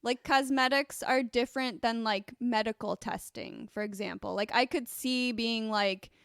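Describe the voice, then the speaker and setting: A woman's voice: fairly high pitch, steady tone, normal speed, creaky, a bit bright, clean tone, dry recording, studio quality. A woman co-hosting a podcast, recapping an episode in casual chat, with lots of filler words. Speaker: podcast co-host.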